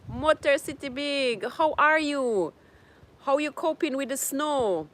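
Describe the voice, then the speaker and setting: A woman's voice: high voice, takes it slowly, fairly bright tone, a little hiss or hum. A woman hosting a casual livestream, chatting with viewers, laughing often and slipping into French. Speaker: livestream host. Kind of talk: casual livestream chat reading viewer comments. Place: home in Jamaica.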